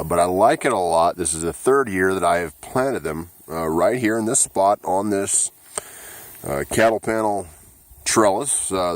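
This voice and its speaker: A man's voice: low voice, no room sound. A man hosting a casual walkthrough of his vegetable garden, talking in an easygoing way with plenty of "uh" fillers. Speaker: gardening channel host. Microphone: handheld camera mic.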